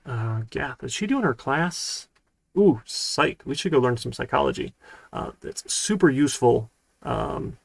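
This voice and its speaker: A man who teaches programming at a college streams a laid-back lecture live, wandering off track and using plenty of fillers. His voice is medium-pitched with some vocal fry, and the recording has no room sound.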